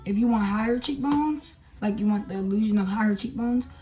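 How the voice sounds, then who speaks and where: A woman's voice: medium pitch, brisk, warm tone, faint music behind. A young woman chatting casually through a makeup tutorial, talking to viewers with lots of fillers as she works. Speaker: beauty vlogger.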